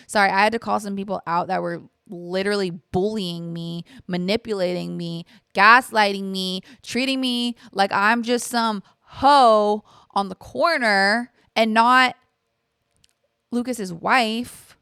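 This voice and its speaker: A woman's voice: mid-range voice, fairly even intonation, a little slow, a bit bright, clear, resonant tone, no echo, studio quality. A young adult woman hosting a podcast, chatting casually and candidly in a rambling way with lots of fillers and swearing. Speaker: podcast host. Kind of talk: casual chat, storytime.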